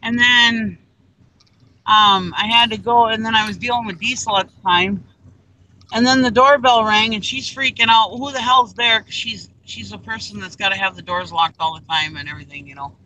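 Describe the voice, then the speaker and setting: A woman's voice: medium pitch, normal speed, sharp tone, a little hiss or hum, rough recording. A middle-aged woman on a group video call, telling a rambling story in casual chat and acting out the people in it. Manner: rambling, acts out quoted exchanges.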